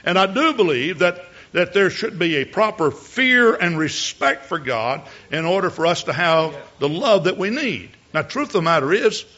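A man's voice: high voice, big pitch swings, normal speed, few pauses, bright, forceful tone, lo-fi sound. A male preacher giving a sermon from the pulpit, often repeating words as he builds a point and rising to emphatic peaks. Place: church pulpit.

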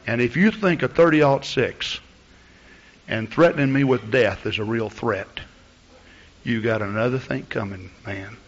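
A man preaching a sermon as pastor, talking plainly with the congregation and building to fervent outbursts. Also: medium pitch. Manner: conversational preaching that builds to loud, fervent exclamations. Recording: dull lo-fi recording.

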